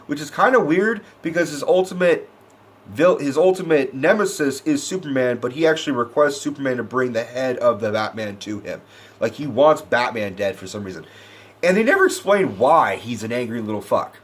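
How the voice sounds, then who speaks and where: A man's voice: medium pitch, expressive, normal speed. A man delivering a profane, sarcastic movie review rant, swearing constantly and sounding wound up.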